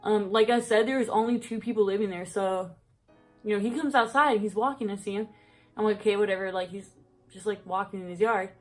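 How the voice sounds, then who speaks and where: A woman's voice: medium pitch, a little fast, faint music behind. A young woman telling a story on her vlog in casual chat, rambling with lots of fillers and a bit out of breath. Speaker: vlogger.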